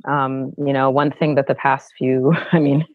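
A middle-aged woman from Brooklyn with a low contralto voice, telling her stories expressively as a guest in a conversational interview. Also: unhurried, no room sound, narrow, tinny audio. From Brooklyn, New York. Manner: expressive, animated storyteller who acts out quoted voices. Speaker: guest, actor and educator.

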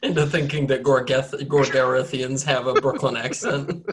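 A man's voice: mid-range voice, level tone. A young man running a tabletop game, joking and teasing his players. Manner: joking, teasing, quick to laugh. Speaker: game master. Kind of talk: casual tabletop game banter.

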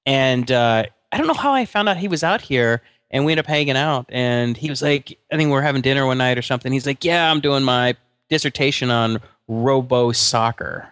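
A man's voice: mid-range voice, expressive, quick pace, few pauses, fairly bright tone, clean tone, no room sound, clean studio sound. A middle-aged man co-hosting a podcast in casual chat, rambling with many restarts and fillers. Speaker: podcast co-host.

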